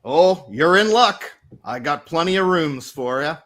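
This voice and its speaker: A man's voice: on the high side, animated, a little slow, a bit bright, voice pushed up. A man voicing a grumpy old male ex-sailor running a hotel, with a folksy New England drawl.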